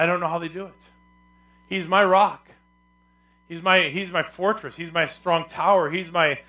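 A middle-aged man preaching a sermon as pastor, dropping soft and low then rising loud, and calling on the congregation to answer back.

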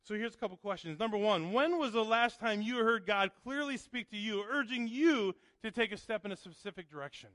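A man's voice: sits high, fairly quick, hardly any pauses, fairly bright tone, no echo. A male pastor preaching a sermon, emphatic and full of rhetorical questions to the congregation.

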